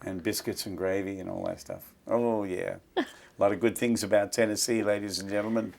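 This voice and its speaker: A man's voice: on the low side, fairly even intonation, a little fast, creaky, darkish tone. Chatty Australian man telling stories. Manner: chatty, repeats words while recalling stories. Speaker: guest musician. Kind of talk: relaxed storytelling interview.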